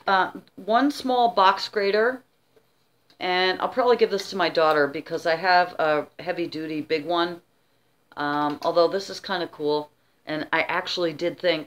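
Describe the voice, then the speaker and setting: A woman's voice: lowish voice, a little hiss or hum. A middle-aged woman vlogger chatting casually while showing her auction finds, rambling with many asides. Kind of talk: casual show-and-tell chat.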